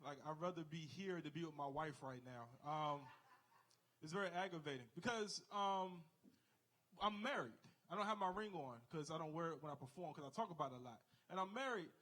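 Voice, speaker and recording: A man's voice: fairly high pitch, fairly quick, fairly bright tone, low-quality recording. A man in his thirties doing a live stand-up set on a club stage, chatty and rambling, checking in with the crowd. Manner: conversational, rambling asides, crowd questions. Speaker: stand-up comic.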